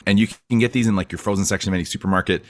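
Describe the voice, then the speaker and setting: A man's voice: fairly low pitch, steady tone, racing, dry recording. A man co-hosting a podcast, chatting casually and rambling with lots of fillers. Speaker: podcast co-host.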